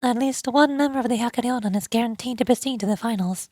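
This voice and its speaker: A woman voicing a calm, calculating schoolgirl strategist who speaks in a measured, formal way. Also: a little high, dry recording, natural voice. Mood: cool calculating. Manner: measured, formal, coolly logical.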